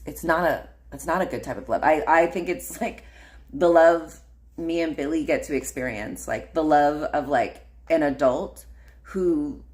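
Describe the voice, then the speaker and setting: A woman hosting a casual solo livestream, rambling with lots of fillers and "like". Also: deep voice. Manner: rambling, filler-heavy, frequent laughs and "like". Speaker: podcast host.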